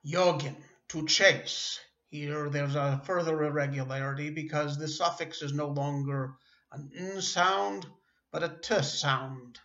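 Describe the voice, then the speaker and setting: Slow-paced man teaching a language lesson. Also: fairly high pitch, fairly even intonation, pushed and bright. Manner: patient, repeats and corrects himself, hesitant fillers. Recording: echoey room, dull lo-fi sound.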